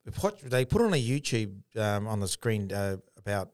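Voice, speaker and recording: An Australian man who once worked in education tells stories in a casual chat, plain-spoken and animated with frequent restarts. He speaks at a moderate pace with a fairly low pitch, in a clean studio recording with no echo.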